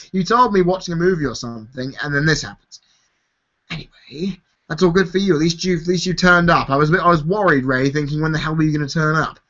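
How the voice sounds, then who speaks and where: A man's voice: on the high side, brisk, bright, forceful tone. A tired man hosting a live-stream Q&A, chatting casually, swearing freely and laughing often. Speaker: YouTube host answering viewer questions. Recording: dull lo-fi stream audio.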